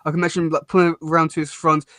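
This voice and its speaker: A man's voice: on the high side, level tone, very fast, bright, forceful tone, no echo, studio quality. A man co-hosting a casual cartoon review chat; he rambles, restarts often and laughs a lot. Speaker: podcast co-host.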